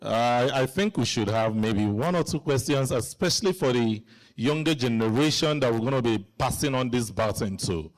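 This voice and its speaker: A man's voice: mid-range voice, lively intonation, moderate pace. A man hosting a live community Q and A in a hall, chatty and joking as he coaxes the audience to ask questions. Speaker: event host.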